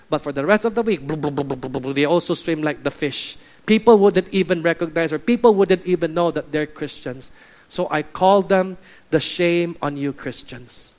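A man preaching to his church, acting out the voices of churchgoers with lively energy. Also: high voice. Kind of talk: sermon. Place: church hall.

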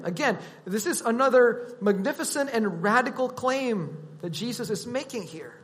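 A man preaching a sermon, teaching in a deliberate, emphatic way. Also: very high voice, lively intonation, long reverb tail.

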